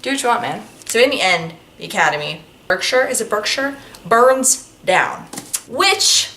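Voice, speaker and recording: A woman's voice: fairly high pitch, expressive, moderate pace, sharp tone, slight background noise. A woman reviewing a book in a casual vlog, gushing and chatty, with lots of filler words.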